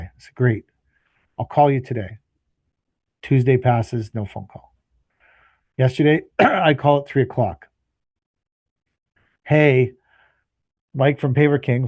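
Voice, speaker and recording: Man, podcast co-host, tired and fed up, swearing rant, mellow tone, dry close sound. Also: medium pitch, no echo. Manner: exasperated, swears often, acts out both sides of phone calls. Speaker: podcast co-host, landscaping business owner. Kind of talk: casual storytelling rant.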